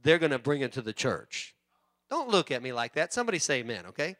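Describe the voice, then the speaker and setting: A man pastor preaching a sermon in church, animated and joking with the congregation. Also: medium pitch, fast. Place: church sanctuary.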